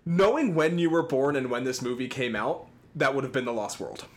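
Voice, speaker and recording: A man's voice: mid-range voice, fairly quick, slight background noise. A man co-hosting a podcast in casual chat, laid-back and teasing, swearing freely. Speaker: podcast co-host.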